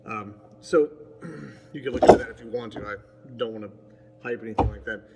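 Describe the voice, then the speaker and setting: A man's voice: on the low side, a little fast, gravelly, mellow, slight background noise. Man, casual digressive vlog talk, echoey room. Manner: digressive, chatty, self-mocking. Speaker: vlogger. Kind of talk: casual rambling monologue to camera.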